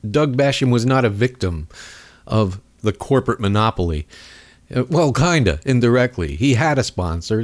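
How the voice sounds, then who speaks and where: A man hosting a talk radio show, talking in a rambling, sarcastic way with mocking asides. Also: medium pitch. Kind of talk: casual political talk radio monologue. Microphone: studio microphone.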